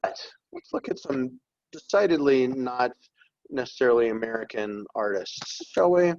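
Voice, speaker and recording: A man's voice: mid-range voice, lively intonation, normal speed, a little mellow, dull audio. Rambling male art teacher lecturing. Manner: rambling, conversational, jokey. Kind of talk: classroom art history lecture. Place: classroom.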